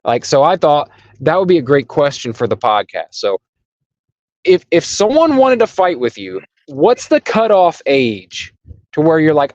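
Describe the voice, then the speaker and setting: A man co-hosting a casual podcast, talking freely and acting out angry people in quick quotes. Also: a little high, sing-song, a little mellow, dry recording. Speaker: podcast co-host. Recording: dry, dull lo-fi sound.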